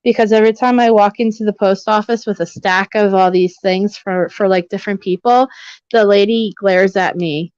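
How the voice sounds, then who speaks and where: Brief: young female stream host, smooth voice, rambling chat, dry lo-fi sound. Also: medium pitch, fairly even intonation, moderate pace, a little mellow, no room sound. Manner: chatty, rambling with many fillers. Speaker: livestream host. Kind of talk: casual livestream chat. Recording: slightly dull lo-fi audio.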